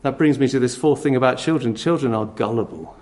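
This sermon comes from a man of medium pitch who talks fairly quickly, animated and conversational, posing rhetorical question after rhetorical question.

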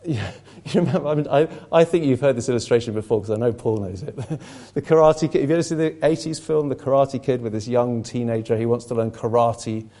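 A man's voice: mid-range voice, a little fast, few pauses, warm tone. An earnest man preaches to a small gathering in an easy, conversational way. He often stumbles and restarts mid-sentence, telling stories to make his point. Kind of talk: sermon to a small group.

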